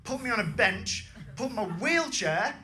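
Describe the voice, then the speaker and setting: High-voiced brash young comedian. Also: male voice, big pitch swings, a little slow, sharp tone. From England. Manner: brash, swearing, punchy delivery over audience laughter. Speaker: stand-up comedian. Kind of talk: stand-up set. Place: comedy club stage. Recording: live club recording with crowd laughter.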